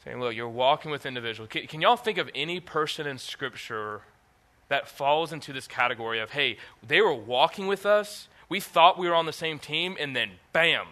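Bright-voiced man preaching animatedly. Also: fairly high pitch, normal speed. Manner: animated, asks the audience questions. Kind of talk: sermon with scripture reading.

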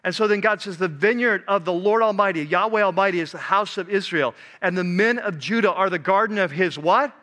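A man preaching a sermon, animated, swinging from loud emphatic passages to soft, low, quiet ones. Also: fairly quick, few pauses. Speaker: pastor.

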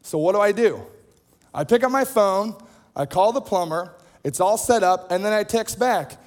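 Pastor guy, bit high voice, chatty funny sermon stories, big echoey auditorium. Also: expressive, normal speed. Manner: conversational storytelling with self-deprecating humor. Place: large auditorium. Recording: long hall reverb.

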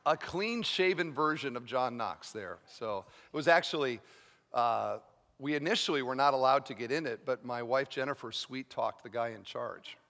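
A man's voice: medium pitch, expressive, normal speed, fairly bright tone. A man preaching a sermon as pastor, moving from chatty storytelling to fervent, earnest preaching. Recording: long reverb of a large hall.

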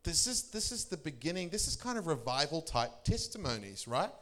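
A middle-aged man, a pastor telling testimony stories in a sermon. He laughs often and his voice leaps up for emphasis. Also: brisk. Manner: animated storyteller, laughing often, pitch leaping for emphasis.

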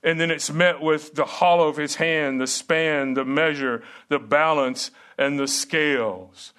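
A man's voice: on the high side, steady tone, a little slow, a bit bright, clean tone. A middle-aged man preaching a sermon and teaching at a seminary, earnest and emphatic with rhetorical questions.

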